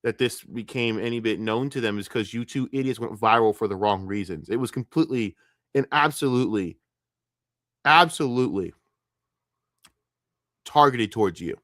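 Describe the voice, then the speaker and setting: A man tears into his targets in a heated, profanity-laden rant. His voice sits low and is recorded dry and close. He hammers each point with emphatic repetition. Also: a bit bright, dry recording. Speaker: streamer reacting to clips.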